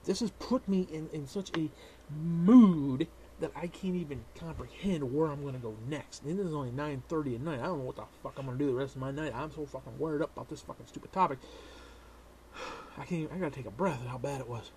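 A man vlogging a profane, sarcastic comedic rant that swings between shouting and hushed whispers. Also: a little high, fast talker, a little hiss or hum.

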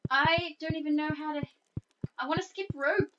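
A woman's voice: high-pitched, fairly even intonation, moderate pace, lo-fi sound, background noise. A young Australian woman chatting playfully and jokily while playing a farming game with a friend. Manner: playful, giggly, jokey. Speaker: gaming co-host. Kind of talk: casual gameplay chat.

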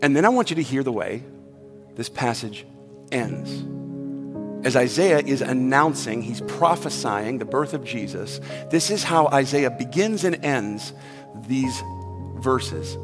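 A pastor delivering a sermon in a casual, conversational way, swinging from hushed asides to loud, emphatic points. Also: male voice, medium pitch, animated, a little slow. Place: church sanctuary. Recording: long hall reverb, faint music behind.

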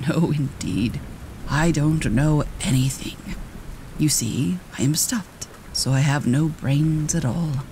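Husky, gentle straw scarecrow, read by a man; slow and earnest storybook figure. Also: a little high, slight background noise, rough recording. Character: friendly, humble male straw scarecrow.

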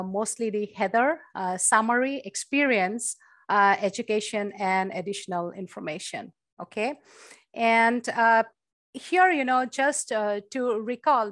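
A woman's voice: mid-range voice, a bit bright, no room sound, clean studio sound. A woman professor giving an online workshop, explaining at length with many uh and you know fillers. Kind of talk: online presentation. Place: virtual talk from home or office. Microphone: computer mic on video call.

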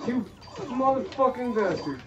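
Brief: foul-mouthed man commentating his own gameplay, animated voice, muffled audio. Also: extremely high pitch, measured pace, crowd noise. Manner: swearing, frustrated outbursts. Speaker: gamer.

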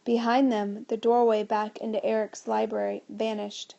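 A woman narrating a children's novel in a steady storytelling manner. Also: mid-range voice, moderate pace, creaky, hardly any pauses, lo-fi sound. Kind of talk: audiobook reading of a children's novel.

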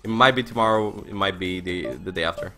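A man's voice: deep voice, a little fast, over music. A young man in his twenties streaming poker, telling a story casually with lots of fillers and swearing. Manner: excitable storyteller, laughing. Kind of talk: casual live-stream chat while playing poker.

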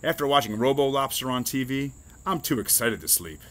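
A man's voice: medium pitch, animated, a little fast, fairly bright tone, close to an everyday voice. A man voicing a dismissive young boy bear in a storybook reading. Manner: snorting, dismissive.

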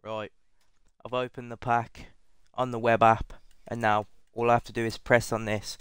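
A young British man giving excitable pack-opening commentary on a video game, swearing and repeating himself. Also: fairly low pitch, smooth, no echo. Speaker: gaming YouTuber.

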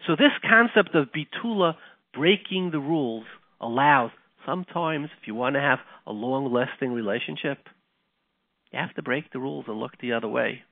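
A man hosting a Torah talk show, teaching with animated delivery and frequent Hebrew and Yiddish terms. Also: medium pitch, normal speed, vocal fry, no room sound. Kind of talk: Torah lecture with storytelling. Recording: tinny phone-like line, dry.

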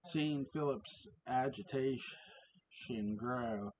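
A man reading his own story aloud at home, halting, with many ums and asides about his cats. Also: medium pitch, a little hiss or hum, poor audio.

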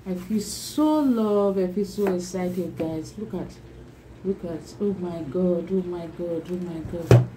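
A woman's voice: on the low side, slow pace, noisy background. A woman vlogger unboxing a new laptop, gushing and repeating her exclamations again and again, laughing between lines. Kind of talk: excited unboxing vlog.

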